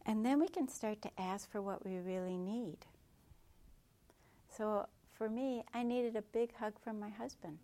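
A woman meditation teacher giving a dharma talk in a gentle, reflective way with soft asides. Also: mid-range voice, unhurried.

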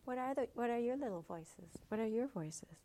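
A woman meditation teacher giving a dharma talk in a gentle, reflective way with soft asides. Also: a little high, animated, moderate pace, slight background noise.

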